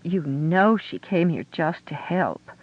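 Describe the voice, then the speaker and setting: A man voicing a flustered, fretful woman dragonrider who pleads in a quavering, high voice. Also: slow. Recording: dull lo-fi audio.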